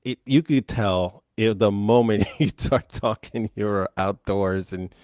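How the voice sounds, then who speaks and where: Male co-host, low-ish voice, jokey conversational delivery, dry mic. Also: measured pace, darkish tone, no room sound. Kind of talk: casual review chat.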